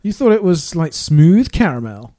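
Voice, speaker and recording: A man's voice: on the high side, very animated, moderate pace, warm tone. A man co-hosting a podcast in casual chat, wry and often laughing. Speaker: podcast co-host.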